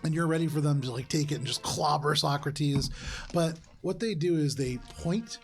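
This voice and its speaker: A man's voice: on the high side, moderate pace, faint music behind. Rambling man narrating as game master. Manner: vivid, rambling narration with fillers and hums. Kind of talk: narrating a live tabletop game.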